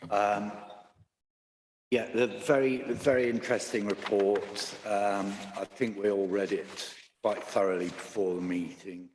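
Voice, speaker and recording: A man speaking as a councillor at a committee meeting, hesitant, with many pauses and restarts. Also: lowish voice, fairly even intonation, background noise. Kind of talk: halting committee remarks. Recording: hall with long reverb.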